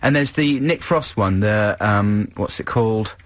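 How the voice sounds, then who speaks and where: A man co-hosting a radio show, playful and teasing, quick to laugh. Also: on the low side, no echo. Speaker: radio co-host. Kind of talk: casual radio banter. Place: radio studio. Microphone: studio microphone. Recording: dry close studio sound.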